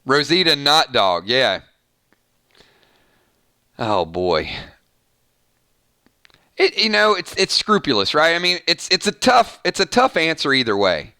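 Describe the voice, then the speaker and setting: Excitable male stream host, slightly high voice, dry close sound, chats straight to viewers. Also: measured pace, pauses often, dry recording. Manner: excitable, laughs often, talks to viewers directly. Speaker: host of a TV review channel. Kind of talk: live-stream chat reading viewer comments.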